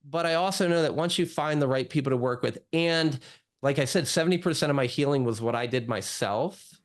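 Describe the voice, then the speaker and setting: A man's voice: a little high, fairly quick. Chatty man telling his story. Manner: chatty, lots of "like" and "you know". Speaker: guest doctor. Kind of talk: casual storytelling interview.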